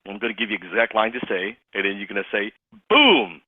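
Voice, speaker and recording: A man's voice: lowish voice, little pitch movement, very fast, dry recording. A man coaching a sales team, emphatic and repeating his key points for the group. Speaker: sales trainer. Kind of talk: interactive sales coaching session. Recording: tinny phone-like call audio.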